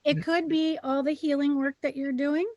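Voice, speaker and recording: A woman co-hosting a podcast, calmly and reassuringly giving gentle advice in casual chat. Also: high-pitched, moderate pace, dry recording. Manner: calm, reassuring, gently advising. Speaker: co-host and healer.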